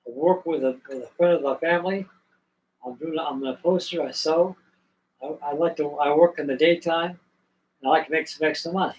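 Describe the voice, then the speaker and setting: A man's voice: fairly high pitch, brisk, a little mellow, far from the mic, rough recording. An older man from Virginia, hosting a live stream, spinning a rambling, folksy story with restarts. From Virginia, USA. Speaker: host.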